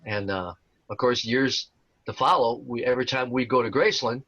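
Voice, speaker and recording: This casual storytelling interview features a tribute performer in his sixties whose mid-range, slightly bright voice moves at a moderate pace. He rambles, restarting and filling gaps often. The recording is dry but has a dull, lo-fi quality.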